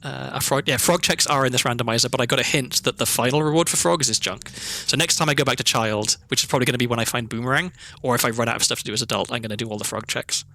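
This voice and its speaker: A man's voice: medium pitch, fast, few pauses, bright, forceful tone. A man from Wales with a Welsh accent, streaming a video game and chatting casually, rambling into thoughtful asides. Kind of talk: casual gameplay commentary. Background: faint background music.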